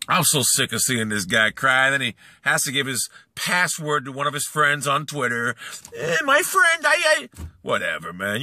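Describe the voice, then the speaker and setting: A man ranting angrily in a video blog, swearing and repeating himself as he moves from brooding talk to shouting. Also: mid-range voice, dry recording. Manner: profane, repetitive, swings between brooding and shouting. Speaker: YouTuber. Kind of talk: angry rant vlog.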